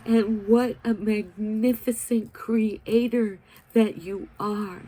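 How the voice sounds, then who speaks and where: A woman in her fifties speaks slowly and deliberately, her voice mellow and warm. As a vlogger, she talks directly to her viewers with an earnest, emotional sincerity and an unhurried pace. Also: mid-range voice, fairly even intonation, slight background noise. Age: 50s. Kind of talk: heartfelt spiritual talk to camera.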